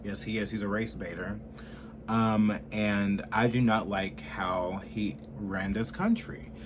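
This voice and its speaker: A man in his twenties ranting heatedly and profanely in a political commentary, swinging from loud outbursts to low muttering. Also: fairly even intonation, slow pace, background noise. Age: 20s.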